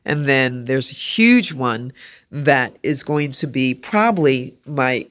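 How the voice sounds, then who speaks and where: Her voice is very deep and slow. A woman artist guesting on a podcast, she tells stories animatedly in the interview, performing the voices of those she quotes.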